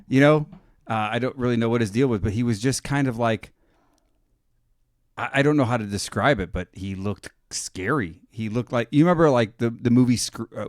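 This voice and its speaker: A man co-hosting a podcast in casual chat, joking and swearing a lot in quick banter. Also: medium pitch, dry recording, studio quality. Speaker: podcast co-host.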